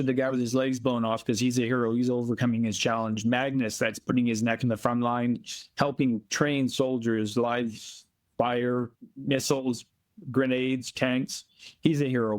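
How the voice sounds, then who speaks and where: A man from Canada, a volunteer being interviewed remotely, telling earnest stories in a plainspoken, emphatic way and slowing down to stress points. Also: medium pitch, fairly even intonation. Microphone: remote call from abroad.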